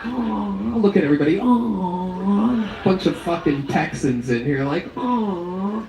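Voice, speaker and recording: A man's voice: high voice, expressive, a little slow, gravelly, over music. A man hosting a live comedy show, teasing his guest with sarcastic questions. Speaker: host. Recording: echoey room heard from a distance, faint noise.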